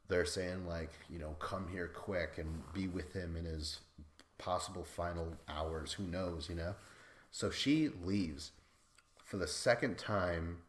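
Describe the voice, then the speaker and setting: A man's voice: deep voice, reverberant, slight background noise. A man hosting a podcast recap in casual, rambling chat, swearing and laughing at himself. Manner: rambling, profane, self-deprecating, laughs often. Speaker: podcast host.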